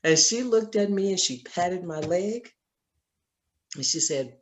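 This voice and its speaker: A woman's voice: low-pitched, expressive, unhurried. A woman with a Southern accent leading a Bible study over a video call, telling a personal story in an earnest, storytelling manner. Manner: earnest, storytelling, laughs often. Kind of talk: conversational Bible teaching.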